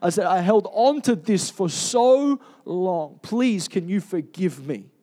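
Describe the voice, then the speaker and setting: A man preaching a sermon, emphatic and personal, asking rhetorical questions and slowing down to stress key words. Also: sits high, animated, dark tone. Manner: confessional storytelling.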